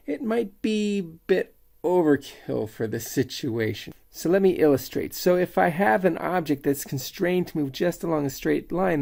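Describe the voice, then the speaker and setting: Gravelly-voiced man explaining a lesson. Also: fairly high pitch. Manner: relaxed explaining, thinking aloud while demonstrating. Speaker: engineering instructor. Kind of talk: screen-recorded lecture.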